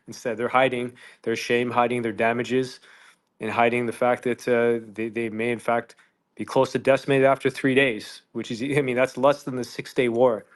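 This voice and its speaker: A man on a live audio panel giving confident, analytical commentary, steady with occasional dry laughs. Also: medium pitch, moderate pace.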